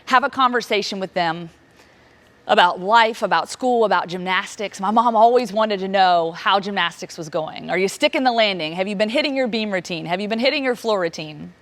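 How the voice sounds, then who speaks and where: A woman in her thirties from Virginia speaks to an audience, telling a personal story. Her voice is emotional and paced with dramatic pauses, and it jumps up sharply when she relives moments of disbelief. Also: medium pitch, fairly bright tone. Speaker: keynote speaker.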